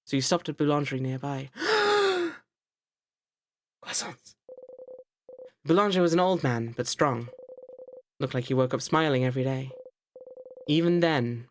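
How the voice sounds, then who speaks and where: A woman's voice: extremely low pitch, slight background noise. A woman streamer reading game text aloud expressively in a voice-acted playthrough, with playful asides.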